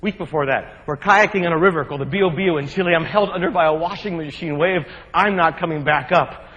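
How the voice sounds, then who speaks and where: A man from New Jersey giving a humorous keynote speech, telling adventure stories in an animated, joking way. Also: fairly high pitch, fast, highs cut off. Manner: animated, jokey, acts out shouts and quotes. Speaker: keynote speaker. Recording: long hall reverb.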